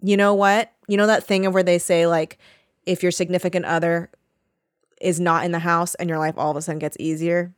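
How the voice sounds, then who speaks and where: A woman's voice: fairly low pitch, little pitch movement, fairly quick, no room sound, studio quality. A woman in casual podcast chat, talking in a wry, emphatic way.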